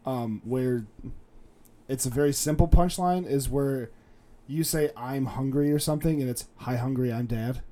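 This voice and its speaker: A man's voice: mid-range voice, moderate pace, dark tone. Man telling jokes with hesitant ums. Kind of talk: casual chat.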